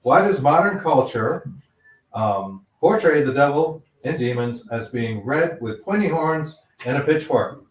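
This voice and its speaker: A man's voice: mid-range voice, lively intonation, a little slow. Man hosting a live stream in an echoey room. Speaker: host. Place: living room at a live party. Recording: echoey room, mic far off.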